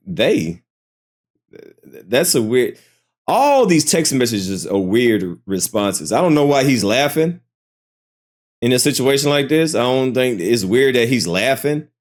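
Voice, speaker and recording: A man talks through a reaction video in a casual, skeptical way and keeps circling back to the same doubts. His pitch swings a lot as he talks. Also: measured pace. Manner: skeptical, repeats himself, animated. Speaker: reaction channel host.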